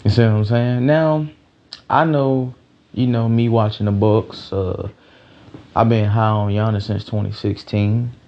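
Male sports host, gravelly and low, rambling and profane, dull lo-fi recording. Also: steady tone, unhurried, slight background noise. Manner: rambling, loose and profane, many restarts. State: a little tired. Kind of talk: casual sports talk.

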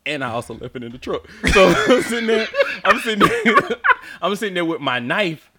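High, animated man telling stories. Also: fairly quick, a loud crowd. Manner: animated, laughs often, profane slang. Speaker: podcast host. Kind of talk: casual storytelling chat.

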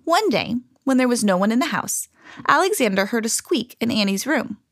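A woman reading a children's storybook aloud in an expressive, animated way. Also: fairly high pitch, normal speed, dry recording, clean studio sound.

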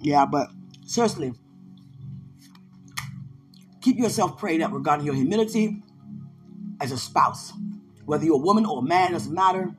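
Woman host, casual faith talk, very expressive pitch, quiet music underneath. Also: moderate pace, long pauses. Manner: animated, laughs often, talks to listeners directly. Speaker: podcast host, preacher and gospel rapper.

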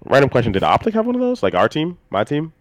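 Young male co-host, quick and animated delivery, dry close sound. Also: medium pitch, no echo. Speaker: podcast co-host. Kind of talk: casual chat.

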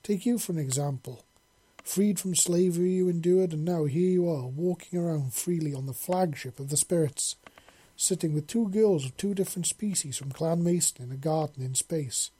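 A man voicing a warm, emotional young woman in an audiobook, effusive and affectionate. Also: normal speed, few pauses, slightly rough. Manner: effusive, raised pitch.

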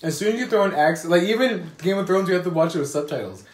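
A young man with a high-pitched voice talks fast while co-hosting a casual podcast chat. He tells animated stories, laughs often and acts out quotes, and the room sounds echoey.

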